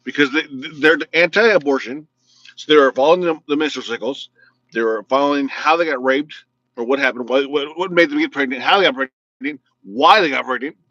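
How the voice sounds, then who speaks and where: A man's voice: medium pitch, a little fast, pushed and bright, no echo. Guy ranting to his camera, kinda slurred and mumbly, joking around, dry dull lo-fi sound. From United States, Illinois. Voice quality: slightly slurred, mumbling speech. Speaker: vlog host. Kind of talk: casual political rant to camera.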